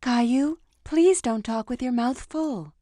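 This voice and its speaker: An actress voicing a patient cartoon mother of a young boy, talking in a gentle, coaxing way. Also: high voice, measured pace, heavy background noise.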